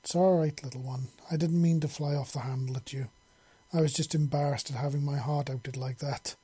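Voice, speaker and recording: A man voicing a grown woman, a kind and earnest mother who speaks gently. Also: a little high, steady tone, fairly quick, slightly rough. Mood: gentle.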